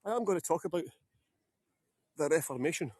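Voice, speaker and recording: A man's voice: a little high, expressive, fairly quick, a little mellow, breathy edge, no room sound. A Scottish man guiding a live-streamed walking tour outdoors, chatty and jokey, greeting viewers by name. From Scotland. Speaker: tour guide. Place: outdoors on town streets.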